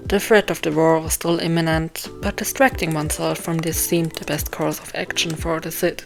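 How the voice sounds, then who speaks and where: A woman's voice: low voice, fairly even intonation, normal speed, gravelly, soft background music. A young woman thinking aloud as she writes her novel, rambling and self-deprecating, with plenty of ums and restarts and a voice getting tired. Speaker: author writing a novel live. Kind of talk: casual thinking aloud while writing.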